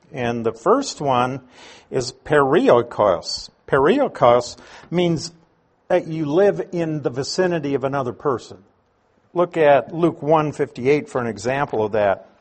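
Male preacher, slightly high and husky, slow and lively, leaning hard on key words. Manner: slow, deliberate teaching with emphatic stresses. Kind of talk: sermon.

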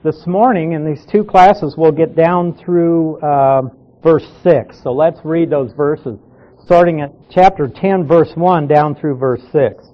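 A pastor teaching a Bible class, explaining verses slowly and repeating key words for emphasis. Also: male voice, on the high side. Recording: dull lo-fi sound.

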